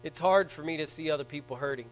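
A man preaching a sermon in a church, swinging between hushed, tender passages and loud, fervent ones. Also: fairly high pitch, quick pace, slight background noise, poor audio. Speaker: pastor.

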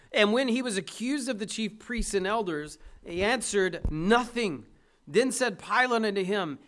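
A man's voice: high voice, animated, normal speed, fairly bright tone. A man preaching an emphatic sermon, reading scripture aloud and putting rhetorical questions to his listeners.

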